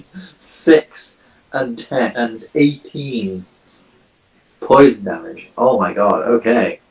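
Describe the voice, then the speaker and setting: A man playing in a tabletop game, chatty and expressive, swearing and joking freely. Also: medium pitch, takes it slowly, recorded from a distance. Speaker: player. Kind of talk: casual tabletop play. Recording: echoey room, away from the mic.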